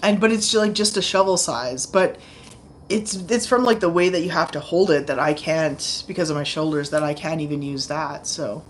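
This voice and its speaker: Chatty woman, low voice. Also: moderate pace, a little hiss or hum. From Canada. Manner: rambling, chatty, lots of fillers. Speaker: channel host. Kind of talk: casual chat livestream. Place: home, indoors.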